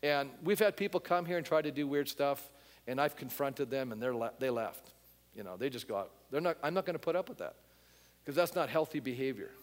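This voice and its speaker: A man's voice: medium pitch, lively intonation, brisk. Emphatic man preaching in a reverberant hall. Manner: conversational, asks the congregation questions; emphatic and blunt. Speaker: pastor. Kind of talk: sermon.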